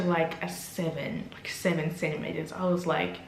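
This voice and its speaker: A woman's voice: lowish voice, normal speed, a little hiss or hum. A young woman, telling her own birth story in a candid vlog and acting out what she said. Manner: animated, acts out her own quotes with laughter. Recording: roomy echo.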